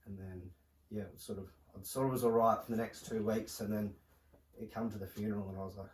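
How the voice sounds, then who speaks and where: A young man, a podcast guest telling a personal story in a halting, soft-spoken way with many fillers. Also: on the low side, steady tone. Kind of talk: casual podcast conversation. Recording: roomy, distant mic with faint noise.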